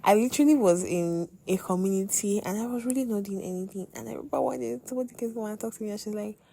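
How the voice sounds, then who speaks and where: A young woman hosting a podcast, telling a personal faith testimony in an expressive way, with sudden exclamations. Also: medium pitch, quick pace, gravelly, slight background noise. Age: young adult. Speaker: podcast host.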